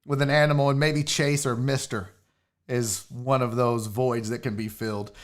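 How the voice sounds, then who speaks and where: A man's voice: medium pitch, fairly even intonation, moderate pace. A man hosting his own sports show, talking casually in a rambling, jokey way and swearing freely. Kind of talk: casual livestream talk.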